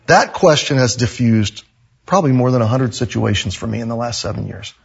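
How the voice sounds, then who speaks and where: A man's voice: medium pitch, brisk, gravelly, husky. A male pastor preaching a sermon, telling stories animatedly and acting out the dialogue on a slightly muffled recording. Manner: animated storytelling, acts out dialogue.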